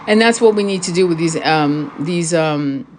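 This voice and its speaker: Passionate, blunt woman with a low voice. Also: moderate pace, a little mellow, a little hiss or hum. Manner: passionate, emphatic, blunt, with frequent swearing; repeats key phrases for emphasis. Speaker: spiritual reader and vlogger. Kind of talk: casual monologue to viewers.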